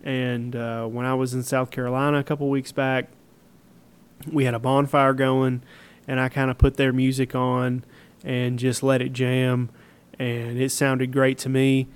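A man's voice: medium pitch, completely flat delivery, measured pace, smooth. A man from Middle Tennessee with a Southern accent, hosting a podcast in easygoing, rambling casual talk full of fillers. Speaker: podcast host.

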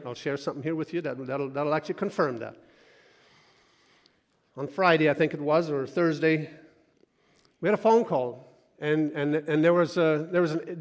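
Man preaching in a reverberant hall. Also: a little high. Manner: conversational preaching, repeats words, quiet when quoting scripture. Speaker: pastor. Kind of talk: sermon.

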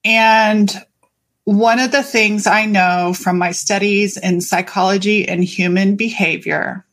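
Animated, playful woman podcast host. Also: mid-range voice, takes it slowly. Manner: animated, chatty, playful, swears casually. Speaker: podcast host and life coach. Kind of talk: solo podcast monologue.

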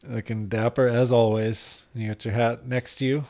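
A man's voice: mid-range voice, flat delivery, normal speed, dark tone, no echo, studio quality. Friendly male podcast host. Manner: friendly, encouraging listener. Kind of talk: casual chat.

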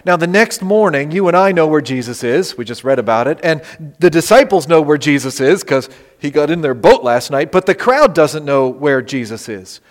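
A man's voice: on the high side, lively intonation, moderate pace. Man preaching in a reverberant church. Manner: dynamic preaching, swinging between loud emphasis and soft near-whispers. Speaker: pastor. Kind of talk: sermon. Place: church sanctuary. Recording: long reverb of a church hall.

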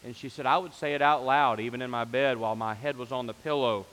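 A man's voice: mid-range voice, fairly even intonation, quick pace, fairly bright tone, in a large hall, poor audio. A man pastor preaching a sermon, rising to fervent emphasis on repeated phrases.

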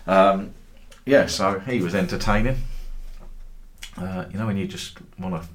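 A middle-aged man with a lowish voice rambles through a story, chatty and wry. He hosts a football trading group and drops in casual swearing and dry jokes as he talks to his members. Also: measured pace, slight background noise.

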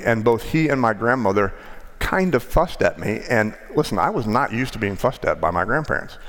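A man's voice: lowish voice, expressive, normal speed, fairly bright tone. A middle-aged man with a Texan accent, preaching a sermon as pastor and telling stories in a conversational way. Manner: conversational storytelling preacher, occasional restarts. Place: large church sanctuary. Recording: long church reverb.

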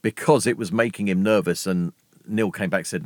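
Deep-voiced man chatting on a podcast. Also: a little fast, dry recording. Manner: enthusiastic, conversational, tags points with "right?". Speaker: podcast co-host. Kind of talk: casual music history chat.

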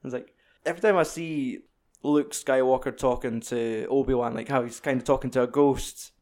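A Scottish man in relaxed film chat, mid-pitched and easygoing. He swears freely and keeps slipping into jokey acted-out bits of dialogue. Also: moderate pace. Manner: sweary, jokey, acts out film lines in other voices. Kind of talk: casual chat about films.

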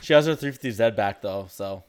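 A man's voice: fairly low pitch, brisk, clean tone. Casual man, hesitant and swearing. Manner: casual, swears freely, sometimes mumbly and hesitant. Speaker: co-host talking about his dating life. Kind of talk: casual chat.

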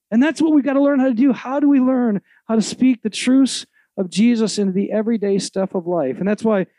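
A man's voice: high-pitched, warm tone, no room sound. A middle-aged man preaching a live sermon to an audience, fervent and emphatic, asking the crowd rhetorical questions. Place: live event before an audience.

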